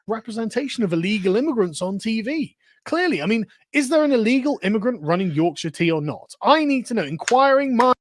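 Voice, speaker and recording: A man's voice: high-pitched, very animated, fairly quick, hardly any pauses, no room sound. A man in a played clip, delivering sarcastic online commentary full of rhetorical questions.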